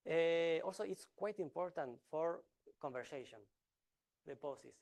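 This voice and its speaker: A man gives a research talk like an academic lecture, working through it step by step with lots of filler sounds, restarts and deliberate pauses. His voice sits a little high, with vocal fry and a slightly mellow quality.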